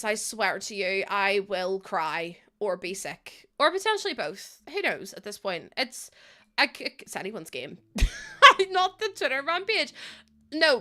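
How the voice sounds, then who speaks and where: A woman's voice: a little high, bright, forceful tone. A young woman streaming a game from home, chatting casually with viewers, laughing often and thanking them one by one. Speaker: live streamer. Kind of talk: casual chat with viewers while gaming. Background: faint background music.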